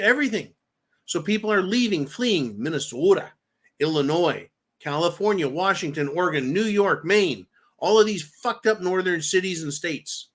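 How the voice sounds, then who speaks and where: Blunt, foul-mouthed man with a higher voice. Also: expressive, normal speed, a bit bright. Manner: blunt, emphatic, swears freely; rambling, with lists and repeated words. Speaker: livestream host. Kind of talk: live chat commentary, reading viewer comments.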